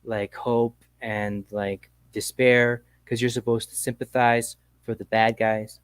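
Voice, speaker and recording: A man hosting a casual call-in chat show, talking in a relaxed, slangy, rambling way. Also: mid-range voice, slow, clear, resonant tone, dry recording. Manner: laid-back, slangy, rambling. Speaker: podcast host.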